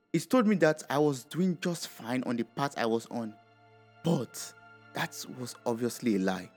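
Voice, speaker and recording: A man's voice: medium pitch, a little mellow. A man narrating a dramatic first-person story in a reflective tone.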